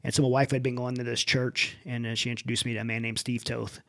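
A man's voice: medium pitch, little pitch movement, fast, vocal fry, fairly bright tone. A middle-aged man and military veteran, guest in an interview, candidly telling his own story with many restarts. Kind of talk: personal testimony in conversation.

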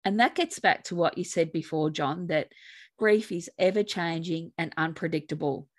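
A woman with an Australian accent co-hosting a grief podcast as a coach, speaking in a calm, measured way. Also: lowish voice. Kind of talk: podcast conversation.

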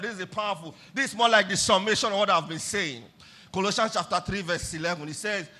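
A man preaching a sermon in church, his voice pitched very high and ringing sharp and bright. He leads the congregation in call-and-response with fervent energy, breaking into shouts for emphasis. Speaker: pastor.

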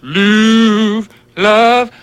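A man's voice: high-pitched, fairly even intonation, drawn-out words, fairly bright tone, clear, resonant tone, exaggerated voice. A man playing a grown man-child who croons to a woman in an overly earnest way. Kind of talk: sung and spoken film scene.

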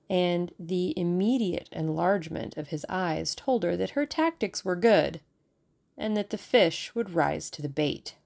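A woman narrating a novel as an audiobook, in a measured and expressive storytelling manner. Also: on the low side, gravelly.

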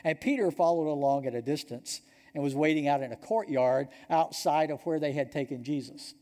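A Georgia-accented pastor preaching in a church sanctuary, his voice warm and mellow. He tells the story earnestly and sinks to a soft hush on the points that matter. A long hall reverb hangs on each phrase. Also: fairly high pitch, a little fast. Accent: Georgia, US Southern. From Georgia, United States. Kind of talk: sermon.

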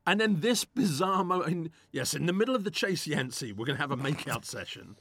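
Lively, joking man with a higher voice. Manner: animated, laughing, quick jokes and mock quotes. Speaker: film commentary co-host. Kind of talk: casual commentary chat.

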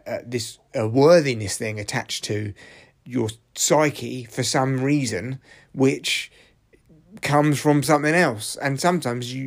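A man hosting a solo podcast, ranting and swearing freely with frequent restarts. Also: mid-range voice. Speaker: podcast host.

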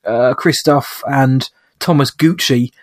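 A man's voice: medium pitch, slow pace, no echo, clean studio sound. A man co-hosting a podcast, chatting casually about a film, often restarting and correcting himself as he jokes along. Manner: rambling, self-correcting, joking. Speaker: podcast co-host.

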